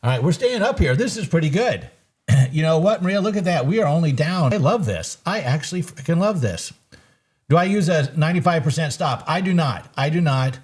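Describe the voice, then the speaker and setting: A man's voice: fairly high pitch, brisk, breathy edge. A man hosting a live market recap from his trading desk, chatting casually and joking over the charts. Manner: excitable and joking, bursts of laughter.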